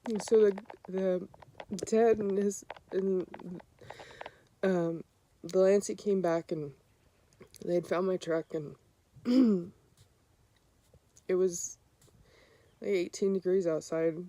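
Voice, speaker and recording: A woman telling a story of her own hunting trip in a casual, halting way, with many fillers and restarts. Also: fairly low pitch, fairly even intonation, warm tone. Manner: re-enacts other people's lines in a raised voice.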